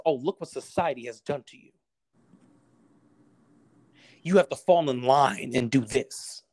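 A man talking as a podcast guest, passionate and preacher-like, acting out the voices he quotes. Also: high-pitched. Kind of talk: casual motivational conversation.

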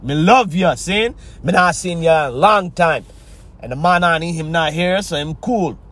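A man voicing a laid-back male Jamaican buddy with a slow patois drawl, recorded inside a car. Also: a little high, fairly bright tone. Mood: boastful.

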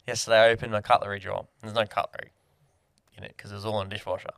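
A young Australian man co-hosting a podcast in casual chat, telling stories with lively acted-out exclamations. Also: on the low side, rapid-fire, gravelly, no room sound, studio quality. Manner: animated storytelling, acts out his own shouts. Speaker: podcast co-host.

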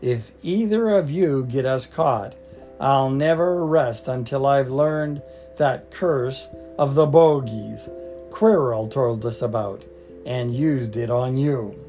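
A man's voice: mid-range voice, slow pace, warm tone, soft background music. A man voicing an irritable, hot-headed schoolboy wizard in a storybook reading. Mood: irritated. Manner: irritable, threatening.

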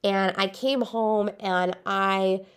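A woman's voice: mid-range voice, steady tone, takes it slowly, clean tone. A woman hosting a self-healing podcast, talking in an earnest, confiding way with many casual fillers and "right?" checks. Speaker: podcast host. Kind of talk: reflective solo podcast talk.

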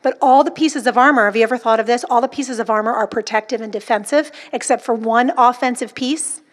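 A woman's voice: a little high, brisk. A woman preaching a sermon emphatically, acting out the voices she describes. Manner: emphatic, dramatic quoting of inner voices.

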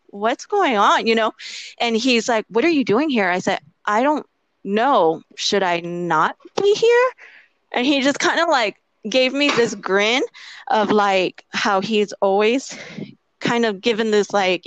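A woman's voice: medium pitch, no room sound. A woman telling a personal story in casual chat. She rambles with lots of "like" fillers and acts out the quoted lines. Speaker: interviewee.

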